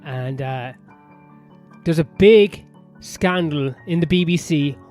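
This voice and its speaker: A man with an Irish accent, his voice sitting slightly high for a man, delivers a rambling, profane comedy monologue as a podcast host. His tone is sardonic and loose, and he keeps circling back to gossip. Faint piano music plays quietly under him. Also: slow. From Ireland. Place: sauna-area home in west London. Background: soft piano music.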